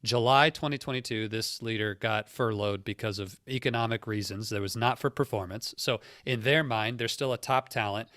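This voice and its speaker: A man's voice: fairly low pitch, moderate pace, hardly any pauses, fairly bright tone, dry recording, clean studio sound. A middle-aged man hosting a podcast, earnest and reflective, who explains his points step by step. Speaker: podcast host, career coach. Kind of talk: conversational coaching talk.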